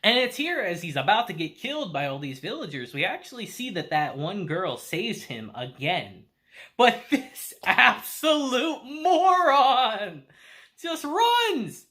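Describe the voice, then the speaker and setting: A man's voice: a little high, big pitch swings, normal speed, sharp tone. A man giving a casual anime review in a laid-back, slangy way. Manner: laid-back slangy delivery, laughs often.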